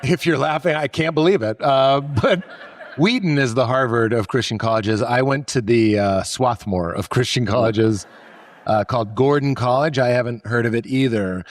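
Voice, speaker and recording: A middle-aged comedian from Massachusetts, appearing as a guest, chats casually and tells stories full of jokes and self-deprecation. His voice is mid-range and his pace moderate.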